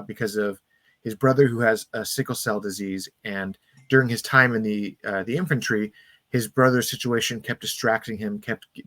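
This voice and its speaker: A man's voice: fairly low pitch, fairly bright tone, dry recording. A man hosting a casual podcast, eagerly retelling a film's story and briefly acting out characters' lines. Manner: enthusiastic plot recap, acting out lines in quick voices. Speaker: podcast host.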